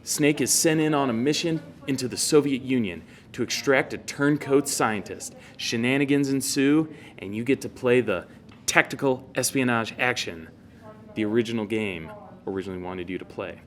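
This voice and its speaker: Brief: mid-pitched man, eager co-host, casual game chat. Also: moderate pace.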